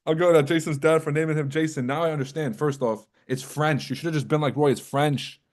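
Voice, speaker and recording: A man's voice: a little high, fairly even intonation, a little fast. A man hosting a trading livestream in casual, profane, joking talk, roasting and teasing his viewers. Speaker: trading coach and livestream host.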